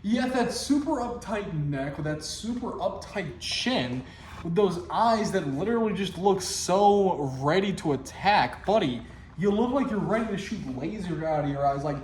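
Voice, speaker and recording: A man hosts his own video show, riffing and joking straight to the camera in loose comic commentary. His voice sits a little high and swings widely in pitch. The room around him rings with echo. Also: a little mellow, slight background noise. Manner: jokey, riffing, talks straight to viewers. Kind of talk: casual comedic reaction commentary.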